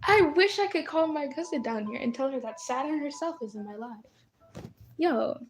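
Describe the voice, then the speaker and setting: A woman casually commenting on her gameplay while streaming, excitable and talking to her chat with lots of starstruck exclamations. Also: high-pitched, moderate pace, slight background noise. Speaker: game streamer.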